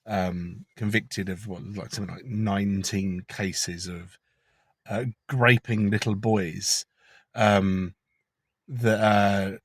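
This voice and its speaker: Man, low voice, dry close sound, chatty conspiratorial car vlog rant. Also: steady tone, slow, dry recording. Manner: chatty, conspiratorial, swears casually. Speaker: vlogger. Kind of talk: rambling opinion monologue.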